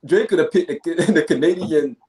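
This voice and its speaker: A man's voice: on the high side, normal speed, mellow, roomy sound. A man hosting a casual sports podcast, keeping the show moving while laughing and teasing his co-hosts. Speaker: podcast host.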